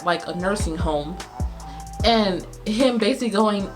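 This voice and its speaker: A woman, recapping a movie on her channel in a sarcastic, animated way. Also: mid-range voice, measured pace, over music. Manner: sarcastic, animated, laughs at her own jokes. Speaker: video host reviewing a movie. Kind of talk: casual comedic movie recap.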